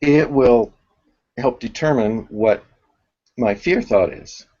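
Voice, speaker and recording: A man teaches a spiritual workshop at an unhurried, deliberate pace, often stopping to restart his sentences as he thinks aloud. His voice sits at an ordinary middle pitch. The recording is muffled and lo-fi. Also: darkish tone.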